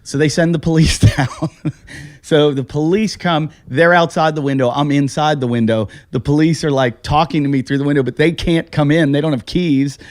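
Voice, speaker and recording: A man hosting a casual podcast, telling a long comic story and acting out his own yelling. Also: fairly high pitch, steady tone, normal speed, no echo, clean studio sound. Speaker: podcast host. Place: house.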